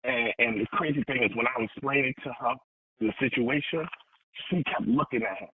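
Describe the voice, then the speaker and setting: A young adult man, a motivational speaker telling a personal story in a lively, conversational way and acting out the voices in it. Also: medium pitch, brisk, slight background noise. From New York. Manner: animated, conversational, acts out quoted dialogue. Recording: tinny phone-like sound.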